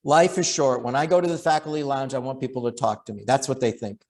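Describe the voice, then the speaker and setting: A man's voice: mid-range voice, fast. A middle-aged man giving an impassioned talk, full of rhetorical questions and repeated phrases. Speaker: writer and law professor giving a talk. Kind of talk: impassioned lecture.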